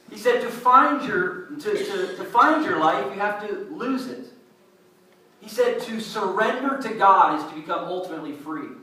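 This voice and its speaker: Guy preaching a sermon, high bright voice, super chatty and animated, booming echo like a big church heard from back a bit. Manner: lively, conversational, acts out voices of listeners. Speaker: pastor. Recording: echoey hall, mic from a distance.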